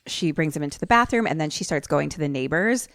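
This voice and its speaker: A young adult woman co-hosting a podcast, retelling a film plot in a casual, animated way. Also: low voice, fast talker, dry recording, clean studio sound. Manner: animated storytelling, acts out quoted lines. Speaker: podcast co-host.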